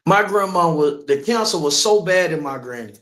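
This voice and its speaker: A man's voice: on the high side, animated, moderate pace, a bit bright, echoey room. A man preaching in the street, telling a personal story with emphasis and asking listeners again and again whether they understand.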